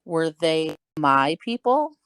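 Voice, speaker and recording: A woman with a notably low voice, chatting casually on a podcast with short reactions and quick questions. The sound is close and dry. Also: very animated, fairly bright tone, clear, resonant tone, no echo. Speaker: podcast co-host. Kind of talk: casual chat.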